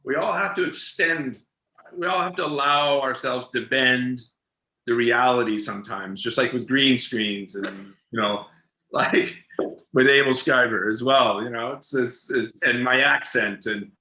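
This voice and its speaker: Man, actor guest, casual interview, animated storyteller, very bright tone, echoey room. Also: medium pitch, measured pace. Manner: animated storyteller, laughs often, repeats words. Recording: roomy echoey room sound.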